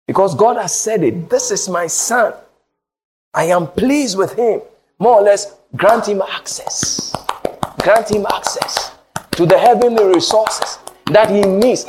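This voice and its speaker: A man preaching a sermon, mixing Twi and English, swinging from shouted peaks to low, quiet lines. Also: noisy background. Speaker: pastor.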